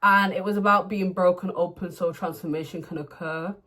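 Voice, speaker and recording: A young woman talks through her makeup routine in a casual chat at home. She is chatty and playful, laughing often and now and then breaking into excited outbursts. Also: fairly low pitch, fairly quick. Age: young adult. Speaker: beauty vlogger. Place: home room, indoors.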